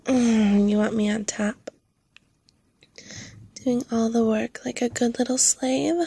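A woman's voice: a little high, creaky, dark tone, breathy edge, no room sound. A woman speaking in an intimate whispered role-play, murmuring and sighing between phrases.

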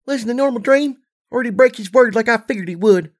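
A man voicing a young filly pony, earnest and blunt, with a high girlish voice and folksy slang in a storybook reading. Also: fast talker.

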